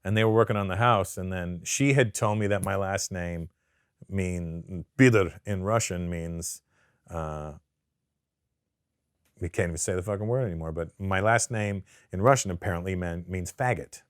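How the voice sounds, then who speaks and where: A man with a fairly low voice chats in a studio interview, recorded close and dry. He talks loosely and profanely, restarting sentences, and slips into animated impressions when he tells a story. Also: normal speed, smooth, dry recording. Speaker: comedian guest. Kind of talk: casual interview chat.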